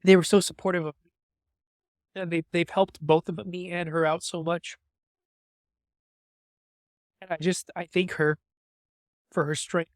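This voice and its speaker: A man in his twenties, a podcast guest, telling a candid personal story in a halting, emotional way with lots of fillers and restarts. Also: fairly high pitch, little pitch movement, dry recording, studio quality. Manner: emotional, openly moved.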